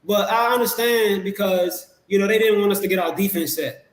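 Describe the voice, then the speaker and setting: A man as a podcast guest, talking basketball in a relaxed, rambling way with many fillers and restarts. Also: sits high, moderate pace. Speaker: podcast guest, Sixers fan. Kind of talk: casual sports talk. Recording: echoey room.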